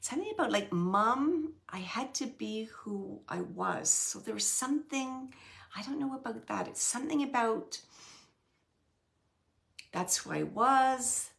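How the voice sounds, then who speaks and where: Soft-spoken woman with a gravelly edge. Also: on the high side, animated. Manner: relays messages in a soft, halting way, often dropping to a whisper. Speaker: medium giving readings. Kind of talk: live mediumship reading.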